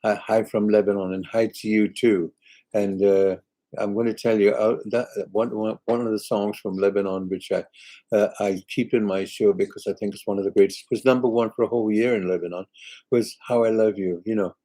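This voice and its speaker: A man's voice: fairly low pitch, steady tone, fairly quick, warm tone, poor audio. An older British man, a singer hosting a live chat, reading viewer comments aloud in a chatty, rambling way. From Britain.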